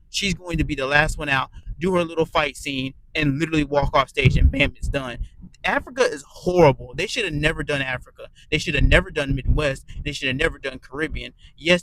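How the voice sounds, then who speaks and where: This is a man with a slightly raised pitch, talking off the cuff in a profane, meandering review. He speaks bluntly, circles back on himself and leans on fillers. A faint noise sits under the recording. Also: bright, forceful tone, poor audio. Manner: rambling, blunt, heavy cursing, frequent fillers. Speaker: reality show reviewer. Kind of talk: casual profane audio review.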